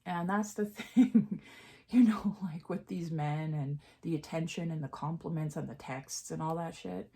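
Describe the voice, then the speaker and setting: A woman vlogger chatting candidly while doing her makeup, jumping up in pitch at times and dropping into half-whispered asides. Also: a little slow, dark tone.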